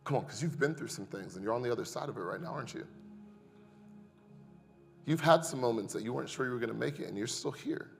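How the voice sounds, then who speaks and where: A pastor in his thirties preaching a sermon to his congregation, calling them "y'all" and moving from quiet reflection to loud, impassioned testimony. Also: medium pitch, lively intonation, fast, gravelly, long pauses, big-room sound, faint music behind. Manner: builds from hushed to loud and impassioned.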